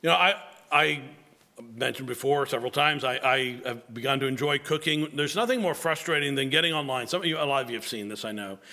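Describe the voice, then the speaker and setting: A man's voice: medium pitch, a little fast, bright, forceful tone. A man preaching a sermon as pastor, emphatic and repeating words as he builds each point.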